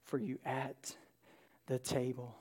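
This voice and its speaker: A male preacher voicing a gentle, loving savior figure in a calm, low tone. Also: slow pace. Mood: tender.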